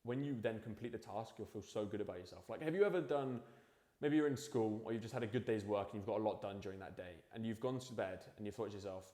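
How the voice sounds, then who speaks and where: A man's voice: fairly low pitch, quick pace, mellow. A young man talking to the camera in a casual motivational monologue at home at night, rambling, swearing freely and restarting his sentences. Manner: drops to mumbling while searching for a quote. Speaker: vlogger. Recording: echoey room with long reverb.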